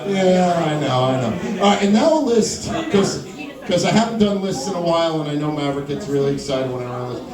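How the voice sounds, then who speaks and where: A man's voice: on the high side, animated, brisk. A young man doing a stand-up comedy set at a live venue, playfully bantering with audience members by name. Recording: echoey room, voice far from mic, crowd audible.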